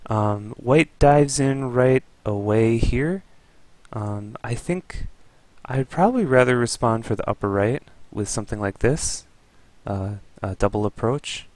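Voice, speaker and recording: A man's voice: medium pitch, measured pace, a little mellow, no room sound. A man giving an easygoing, explanatory review of a Go game as a teacher.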